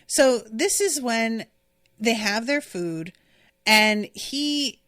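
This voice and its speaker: A woman's voice: on the high side, expressive, extremely slow, fairly bright tone, clear, resonant tone, dry recording, studio quality. A woman hosting a podcast, recapping an episode in a chatty, exasperated way with lots of filler words. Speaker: podcast host. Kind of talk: casual episode recap and commentary.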